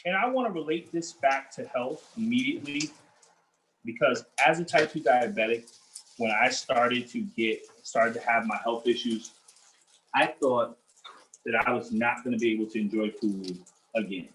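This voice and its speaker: A man's voice: mid-range voice, normal speed, slight background noise, poor audio. A man who is a chef, chatting casually and playfully while he cooks on a show. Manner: animated, playful, talks while cooking. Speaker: chef co-host. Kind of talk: casual cooking show chat.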